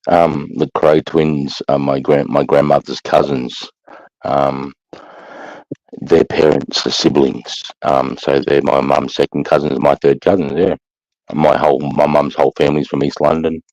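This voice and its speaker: A man's voice: a bass voice, flat delivery, a little slow, a little mellow, no echo. A man hosting a casual podcast chat, telling rambling stories with lots of swearing. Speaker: podcast host. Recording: dull dry sound.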